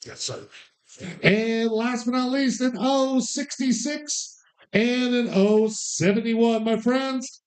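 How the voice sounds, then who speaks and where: Speaking slowly in an extremely high, steady voice, this man runs bingo night at a bar, calling out numbers live. He jokes with the crowd in a loose, sarcastic, and profane way.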